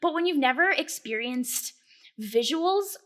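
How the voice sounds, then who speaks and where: Bright high-voiced young woman storyteller. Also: a little slow. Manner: animated, laughing often, swearing freely. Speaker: podcast co-host. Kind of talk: casual storytelling chat.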